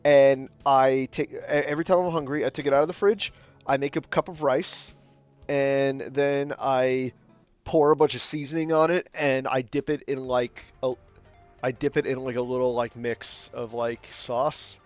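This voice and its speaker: A young man streaming from home, talking casually and rambling through his stories with plenty of filler and profanity. His voice sits at a middle pitch, and faint music plays underneath. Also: moderate pace. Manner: gets loud and animated when ranting. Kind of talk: casual stream chat while drawing.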